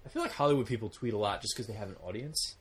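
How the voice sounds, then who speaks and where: A man's voice: lowish voice, lively intonation, very fast, husky. A man talks loosely and crudely in a casual podcast conversation. He rambles through stories, swearing and laughing along the way. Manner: rambling, profane, laughs often. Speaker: podcast co-host. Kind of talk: casual chat.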